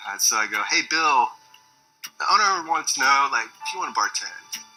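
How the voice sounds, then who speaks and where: A man telling a casual anecdote, animated and acting out the voices of the people in it. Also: mid-range voice, moderate pace, soft background music, low-quality recording. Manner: animated, acts out quoted voices. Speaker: storyteller in a documentary.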